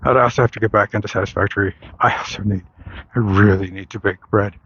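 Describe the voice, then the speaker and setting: A man's voice: lowish voice, fairly even intonation, quick pace, fairly bright tone, highs cut off, a little hiss or hum. A man in casual rambling talk while walking outdoors on a street, restarting his sentences and laughing wryly. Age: adult, long into adult life. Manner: rambling, self-correcting, wry laughs. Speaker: vlogger.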